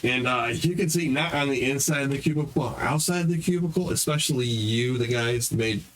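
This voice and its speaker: A man runs a tabletop game, describing each scene in a loose, rambling way with plenty of fillers. His voice is middle-pitched and easygoing. A faint hiss sits behind him. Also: moderate pace, low-quality recording. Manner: relaxed, rambling, many fillers. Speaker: game master.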